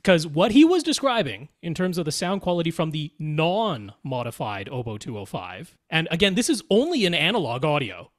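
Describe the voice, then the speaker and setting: A man's voice: a little high, sing-song, moderate pace, hardly any pauses, fairly bright tone. Explanatory Canadian man, tech podcast. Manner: explanatory, technical, laughs often. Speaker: podcast co-host. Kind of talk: casual podcast chat.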